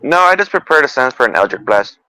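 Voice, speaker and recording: A man's voice: medium pitch, sing-song, fast talker, pushed and bright, smooth, rough recording. A man playing in a tabletop role-playing game, hesitant and casual, with frequent restarts and casual swearing. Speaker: player.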